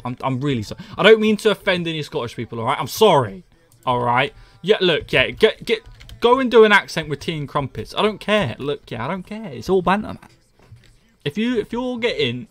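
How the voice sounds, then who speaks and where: Man, live streamer, casual joking chat, lively up-and-down voice, faint music behind. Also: medium pitch, dry recording. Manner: joking, self-mocking, reads chat aloud. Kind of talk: casual chat with viewers while gaming.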